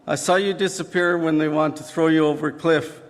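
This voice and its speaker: A man's voice: on the high side, steady tone, fairly quick, lightly acted. A man preaching, voicing a desperate male disciple who sobs and pleads with his master. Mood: pleading. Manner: pleading, frantic. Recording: long church reverb.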